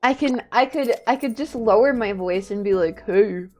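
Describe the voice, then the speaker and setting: A woman streaming a game live, chatting casually, excitable and a little shy in her asides. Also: on the high side, moderate pace, faint music behind.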